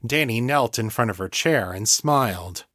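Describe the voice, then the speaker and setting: A man narrating his own novel as an audiobook in a measured, steady way. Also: mid-range voice, no echo, clean studio sound.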